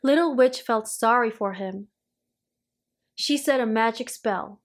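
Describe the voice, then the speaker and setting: A woman reading a children's storybook aloud, in a clear storytelling manner. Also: on the high side, measured pace, long pauses. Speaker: storybook reader.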